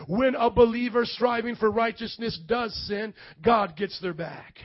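A man preaching from the pulpit with a notably high voice that swings from talky asides to loud shouted declarations. His sermon style is colloquial, full of call-outs to the listeners. The recording sounds dull and lo-fi. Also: unhurried, few pauses, dry recording. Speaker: pastor. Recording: dull lo-fi audio.

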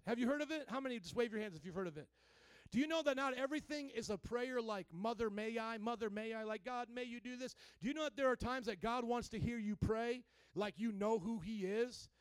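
High-voiced preacher man, dry close mic. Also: dry recording. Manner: call-and-response preaching, rising to near-shouts. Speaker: pastor. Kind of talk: sermon.

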